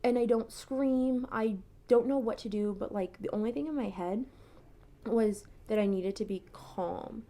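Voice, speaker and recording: A woman's voice: on the high side, a little slow, mellow. A young woman telling a personal story in a casual, chatty way, full of "like" fillers. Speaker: TikTok creator.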